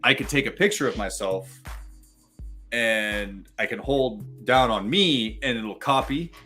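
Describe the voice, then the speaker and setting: Bright-voiced dude on a live stream, swears a lot, gets loud and fired up, faint music behind. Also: male voice, medium pitch, a little slow. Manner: animated, swears freely, laughs often. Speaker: co-host. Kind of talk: casual chat.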